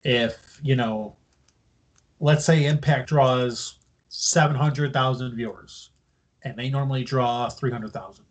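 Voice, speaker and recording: A man with a husky, slightly breathy voice talks through wrestling news on a casual podcast. He explains things at length in a loose, easygoing way, now and then swearing. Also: medium pitch, steady tone, slow pace. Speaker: podcast co-host.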